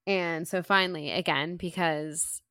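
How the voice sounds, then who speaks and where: A woman's voice: lowish voice, steady tone, a little slow, a bit bright, no echo, studio quality. A woman co-hosting a book club podcast, chatting casually as she retells a chapter, peppered with "like". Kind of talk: casual chat.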